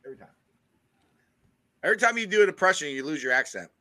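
A man's voice: fairly high pitch, animated, fast talker, sharp tone, no echo. A man teasing his friends in casual podcast chat. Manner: teasing, joking.

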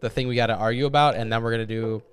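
A man's voice: medium pitch, steady tone, very fast, a little hiss or hum. A man co-hosting a podcast, joking crudely and laughing through his lines. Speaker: podcast co-host. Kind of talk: casual chat.

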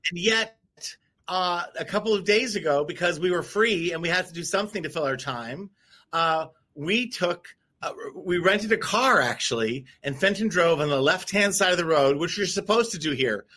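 A man co-hosting a live talk show, telling a long story in a rambling, animated way with many restarts. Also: high voice, normal speed. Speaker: co-host. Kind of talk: casual storytelling chat. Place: before a live audience.

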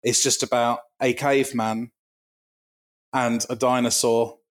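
A man in loose podcast banter, speaking at an ordinary pitch. He sounds dry and deadpan and lingers on grisly detail with understatement. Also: unhurried. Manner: dry, deadpan delivery with vivid gory imagery. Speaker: podcast co-host. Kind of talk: casual comedic chat.

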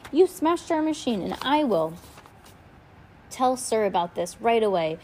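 A woman's voice: fairly high pitch, big pitch swings, unhurried, dark tone, a little hiss or hum. Blustering male foreman, put on by a woman reader, bossy, bullying, storybook voice.

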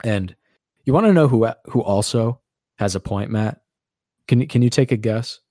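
Male podcast host, low-ish voice, sarcastic and rambling, dry recording. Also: moderate pace, warm tone, no room sound. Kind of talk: casual podcast chat.

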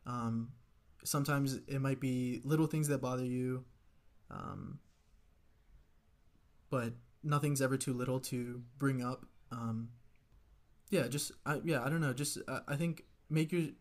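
A man's voice: mid-range voice, steady tone, unhurried. A young man co-hosting a podcast, joking with friends and steering the chat with questions. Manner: laid-back, joking, asks the questions. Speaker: podcast co-host. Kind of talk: casual chat among friends.

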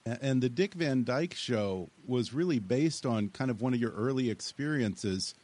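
A man's voice: medium pitch, expressive, normal speed, darkish tone. A man hosting an interview, asking curious questions and laughing along easily. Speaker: host. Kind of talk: casual interview.

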